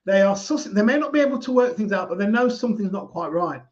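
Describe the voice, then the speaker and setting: Calm man giving advice. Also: sits high, lo-fi sound. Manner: calm, measured, diplomatic. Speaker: speaker giving life advice. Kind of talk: casual advice talk.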